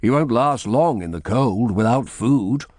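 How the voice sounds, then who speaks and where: A hot-tempered, blunt prior, played by a man, spitting out rough words with force. His pitch runs high and restless. The recording is dry and close. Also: expressive, a little slow, a little mellow, dry recording. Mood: angry. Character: angry red-faced male prior, blunt and coarse.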